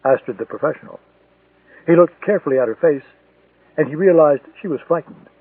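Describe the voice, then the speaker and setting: A man narrating a thriller audiobook in a steady, measured storytelling manner. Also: on the high side, breathy edge, no room sound. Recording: tinny, distant, dry lo-fi recording.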